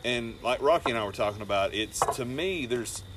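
A man hosting a casual talk around a campfire, telling animated stories, swearing freely and laughing as he goes. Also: medium pitch, a little fast, background noise. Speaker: podcast host and wrestler. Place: outdoors around a fire.

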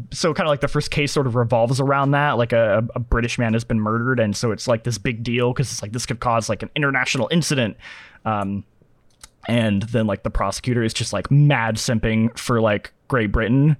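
A man chatting casually as a podcast host, animated and full of fillers, acting out quotes as he talks. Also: medium pitch, fairly quick, dry recording. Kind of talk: casual chat.

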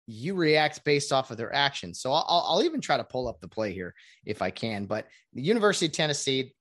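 A woman ranting casually to viewers about sports, rambling with many restarts and asides. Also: deep voice. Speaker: sports commentator.

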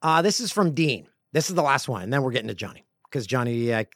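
A middle-aged man hosting a casual podcast, reading listener emails aloud with playful, jokey, rambling asides that swing between loud bursts and quiet mutters. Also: medium pitch, lively intonation, fast talker, no room sound, clean studio sound. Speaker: podcast host.

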